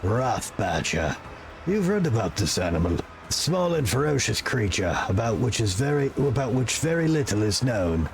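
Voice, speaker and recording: A man streaming a video game, chatting casually and reading game text aloud with dramatic pauses. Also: medium pitch, sing-song, a little hiss or hum.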